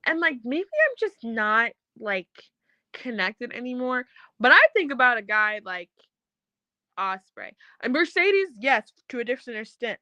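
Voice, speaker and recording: A woman's voice: a little high, big pitch swings, moderate pace, pushed and bright, dry recording, lo-fi sound. A young woman co-hosting a casual chat, blunt, profane and joking. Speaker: podcast co-host.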